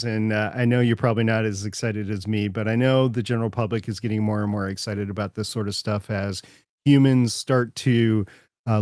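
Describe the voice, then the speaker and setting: A man's voice: mid-range voice, darkish tone, no echo, studio quality. A man from Minnesota hosting a casual podcast chat, talking in a loose, rambling way with frequent restarts. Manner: chatty, rambling with repeated starts. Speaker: podcast host.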